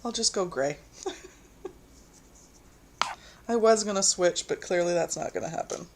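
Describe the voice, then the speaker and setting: A woman's voice: on the low side, a little slow, a little mellow, slight background noise. A woman hosting a casual sewing livestream from home, chatting and reading viewer comments while she stitches. She is easily distracted and laughs at herself. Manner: reads viewer comments aloud. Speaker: quilting livestream host.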